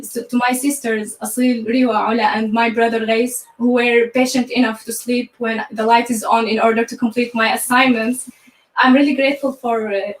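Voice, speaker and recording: A woman from Syria answers interview questions in a slightly high voice, often halting and repeating words as she searches for them. The recording is roomy and she sits back from the mic. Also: far from the mic. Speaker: graduate guest. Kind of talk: live online interview.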